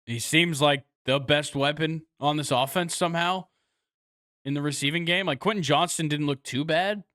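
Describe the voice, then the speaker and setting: A young man co-hosting a casual sports podcast, laid-back and quick to laugh, trailing off with fillers as he thinks. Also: a little high, fairly bright tone, dry recording, clean studio sound. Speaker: podcast co-host.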